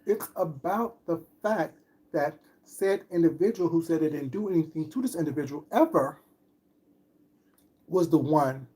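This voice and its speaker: A woman's voice: low voice, dark tone, breathy edge. A woman on a livestream, commenting on online drama with sarcastic rhetorical questions. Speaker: streamer.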